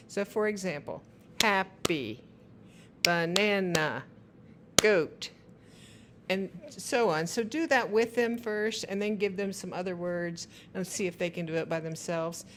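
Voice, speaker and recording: A woman giving instructional narration for parents. She talks in a slow, careful way and spells out the sounds of words. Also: on the low side, background noise. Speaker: teacher.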